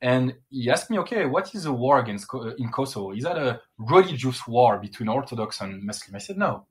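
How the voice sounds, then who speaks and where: A man's voice: mid-range voice, very animated, fairly quick. A man from Brittany speaking English, answering interview questions in an earnest, insistent way. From Brittany, France. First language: French. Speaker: guest.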